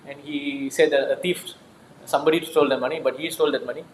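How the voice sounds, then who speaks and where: A man's voice: a little high, quick pace. Man telling a scripture story in an echoey hall. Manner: animated storyteller voicing characters, many restarts. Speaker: monk lecturer. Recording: echoey hall with faint hum.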